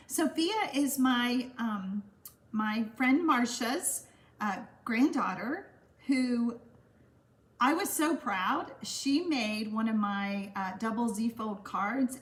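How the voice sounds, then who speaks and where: A woman hosting a stamping craft livestream, chatting casually and giggling as she reads viewer comments. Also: a little high.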